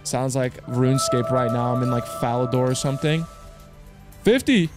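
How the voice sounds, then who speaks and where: A man hosting his own channel, commenting excitedly to viewers with slang, swearing and loud outbursts. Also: medium pitch, normal speed, over music. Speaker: slots streamer host.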